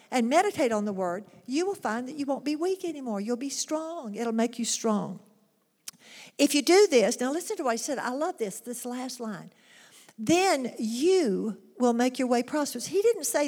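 Woman preacher, earnest and emphatic, higher voice, long echo of a hall. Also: lively intonation, normal speed, darkish tone. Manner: earnest, emphatic, rhetorical questions. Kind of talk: sermon.

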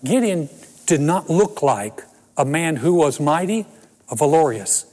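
Man in his 60s, pastor with a somewhat high voice, preaching through funny personal stories, echoing in a large hall. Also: very animated, measured pace, a little mellow. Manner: storytelling with self-deprecating humor. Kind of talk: sermon.

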